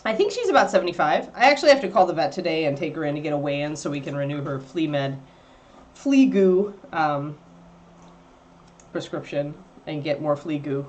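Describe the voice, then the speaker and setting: Speaking fairly quickly in a slightly mellow voice, a woman hosts a livestream with lo-fi sound and slight background noise. She rambles and chats casually while painting miniatures, now and then baby-talking to her dog in a high voice.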